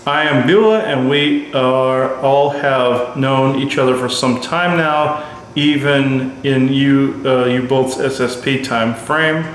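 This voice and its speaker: A man voicing a calm female alien storyteller with a slow, measured delivery, in a very echoey room. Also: mid-range voice, slight background noise, natural voice.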